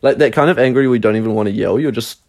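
A man's voice: medium pitch, racing, darkish tone. A young man casually telling a rambling personal story, full of fillers and swearing. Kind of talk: casual chat.

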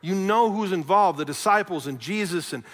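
A man preaching a sermon as pastor, earnest, swinging from loud questions to quiet, soft passages. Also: high voice, normal speed, long reverb tail. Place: church sanctuary.

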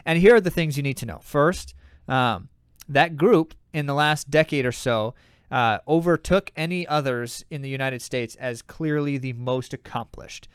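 A man's voice: medium pitch, moderate pace, clean tone, no room sound, studio quality. Emphatic man hosting a running podcast. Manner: emphatic, opinionated, many fillers. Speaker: podcast host. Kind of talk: casual news commentary.

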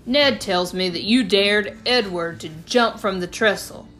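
A woman's voice: mid-range voice, unhurried, fairly bright tone, close to an everyday voice. A woman reading an audiobook voices a strict, formal middle-aged father scolding his sons. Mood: stern. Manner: formal, clipped, severe.

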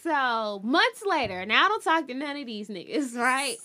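A young woman tells a story in casual chat, her voice sitting high. She is animated and laughs often. She jumps into other people's voices as she goes. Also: normal speed. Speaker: podcast co-host.

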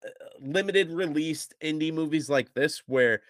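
A man's voice: fairly high pitch, unhurried, dry recording, clean studio sound. A man co-hosting a podcast in casual chat, rambling a bit and chuckling between phrases. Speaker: podcast co-host.

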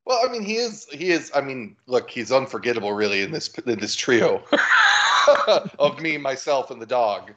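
A man's voice: mid-range voice, sing-song, moderate pace, a bit bright. A man voicing a friendly male halfling villager who talks in a chatty, welcoming way. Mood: delighted. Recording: dull lo-fi audio.

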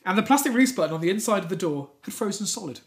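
A man's voice: high-pitched, animated, racing. A man co-hosting a comedy podcast, reading out odd news stories and laughing often between jokes. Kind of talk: casual comedic chat.

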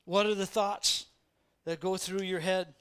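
A man's voice: high-pitched, steady tone, unhurried, a bit bright, clean tone. A man preaching a sermon in a conversational way, repeating phrases for emphasis and acting out quoted voices. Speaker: pastor.

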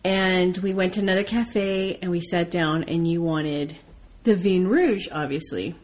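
An American woman chatting casually, telling a lively story and swearing freely. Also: fairly low pitch, a little slow. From United States. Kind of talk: casual chat.

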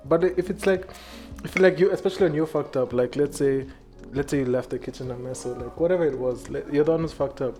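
A man's voice: mid-range voice, fast, mellow, soft background music. A man in casual chat, telling family stories with playful exaggeration, laughing often and restarting his sentences. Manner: repeats words and restarts a lot.

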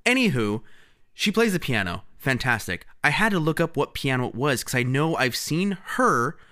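In a casual podcast chat, a young co-host rambles and leans on lots of fillers. His medium-pitched voice is sing-song, pushed, and bright, moving at a normal speed.

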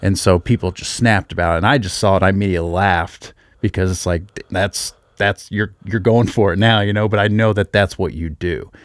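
A man's voice: low voice, fairly even intonation, a little fast, few pauses, no room sound. A man in his thirties co-hosting a casual podcast chat, rambling and laughing often. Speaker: podcast co-host.

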